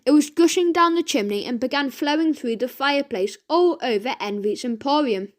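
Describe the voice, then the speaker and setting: A woman reading a children's audiobook aloud, slowly and with the odd stumble and self-correction. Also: high-pitched, lively intonation. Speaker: reader.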